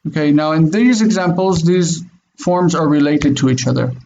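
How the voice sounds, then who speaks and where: A man teaching a Biblical Hebrew class over a video call, drilling pronunciation slowly and patiently. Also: fairly high pitch, vocal fry, warm tone, lo-fi sound. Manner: slow, careful pronunciation drills.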